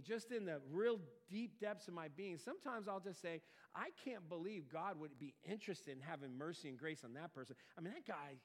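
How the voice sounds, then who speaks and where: A man preaching a sermon, earnest, swelling louder and dropping quiet for emphasis. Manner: earnest, rises and falls in pitch and loudness for emphasis. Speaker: pastor.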